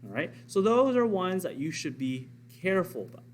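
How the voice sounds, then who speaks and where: A man's voice: high voice, very animated, fairly quick, slight background noise. A man teaching a recorded science lesson, explaining step by step and asking and answering his own questions.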